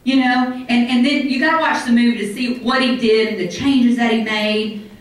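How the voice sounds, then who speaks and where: A middle-aged woman giving an animated motivational talk to a live audience in a hotel conference room, acting out other people's reactions. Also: on the high side, normal speed. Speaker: motivational speaker. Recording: very echoey hall from far off.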